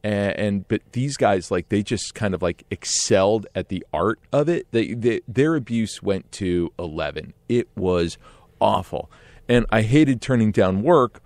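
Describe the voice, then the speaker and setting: A middle-aged man telling a casual story in an animated way, often laughing and acting out what others said. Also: on the low side, a little slow, dry recording. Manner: animated, laughs often, acts out quoted voices.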